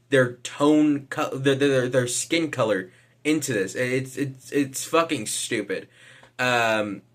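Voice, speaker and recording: A man's voice: mid-range voice, a bit bright. A man giving casual vlog commentary, hesitant, with lots of fillers and casual swearing. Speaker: vlogger.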